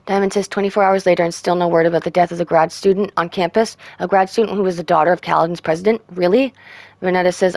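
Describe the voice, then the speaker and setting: Soft-spoken woman reading game texts. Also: lowish voice, fairly even intonation, fast, no room sound. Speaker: gaming streamer.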